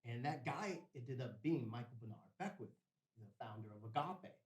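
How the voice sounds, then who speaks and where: A man of ordinary pitch recounts a story as a guest on a talk show. He speaks loosely and casually, tossing in "man" and "bro" as he goes. The sound carries a noticeable roomy echo. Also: animated, normal speed, recorded from a distance. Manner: laid-back, peppers speech with "man" and "bro". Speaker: podcast guest.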